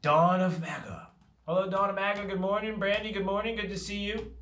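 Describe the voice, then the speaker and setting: A man hosting a morning radio live stream, animated and fast-talking as he greets viewers in a casual chat. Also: sits high, echoey room. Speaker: radio show host.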